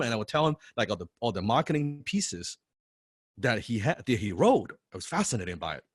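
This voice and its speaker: A man telling a personal story in a casual motivational talk, animated, often repeating his words and laughing. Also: medium pitch, a little fast, breathy edge, no echo, clean studio sound. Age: young adult. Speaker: business coach.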